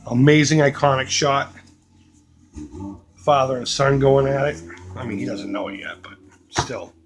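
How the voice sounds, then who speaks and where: A man casually showing off a box of collectibles, joking crudely and doing quick mocking voices for the pictures. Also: mid-range voice. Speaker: retro collecting YouTuber. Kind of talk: casual unboxing commentary.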